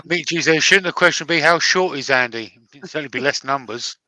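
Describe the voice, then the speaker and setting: Bright-voiced joking woodturner man. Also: on the high side, a little fast, no room sound. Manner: joking, banter-heavy. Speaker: woodturner demonstrating. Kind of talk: casual live-stream chat while working.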